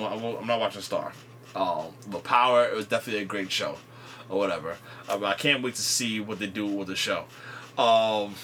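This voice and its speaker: A man's voice: lowish voice, sharp tone, slight background noise. A man from New York co-hosting a podcast in casual, rambling chat with frequent restarts. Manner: loose and rambling, with many restarts. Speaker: podcast co-host.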